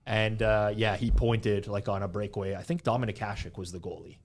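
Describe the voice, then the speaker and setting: A young man co-hosting a podcast, talking in a casual, animated, rambling way and filling his speech with "like". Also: fairly low pitch, brisk, slight background noise. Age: young adult. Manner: animated, rambling, heavy use of "like". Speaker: podcast co-host. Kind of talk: casual chat.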